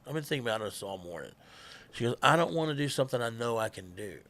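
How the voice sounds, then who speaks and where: Chatty man with a bright voice. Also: medium pitch, expressive, quick pace. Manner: chatty, laughing, drawling storyteller. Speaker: guest musician. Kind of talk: casual storytelling.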